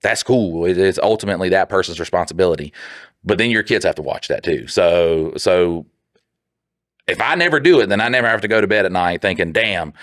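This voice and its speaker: A man's voice: sits low, fairly quick, fairly bright tone, no room sound, clean studio sound. A man co-hosting a podcast, talking in a heated, profane rant that keeps slipping into quoted back-and-forth. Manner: heated, profane ranting, often drops into quoted dialogue. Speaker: podcast co-host. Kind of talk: casual chat.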